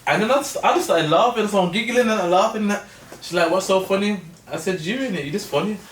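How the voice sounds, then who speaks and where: A man's voice: high-pitched, fast, a bit bright, slight background noise. A man, telling a story in casual podcast chat full of slang. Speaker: podcast co-host. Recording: echoey room, far from mic.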